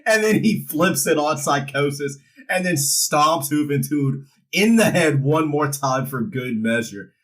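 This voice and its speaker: A man's voice: fairly high pitch, expressive, a little slow, fairly bright tone, poor audio. A man recapping a wrestling show in a casual, irreverent way, joking and swearing freely as he goes.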